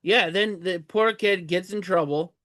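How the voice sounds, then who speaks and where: A man with a high voice co-hosts a podcast. He retells film scenes casually, halting and restarting as he goes. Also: fairly bright tone. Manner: halting storytelling with fillers and restarts. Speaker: podcast co-host. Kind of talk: casual movie recap chat.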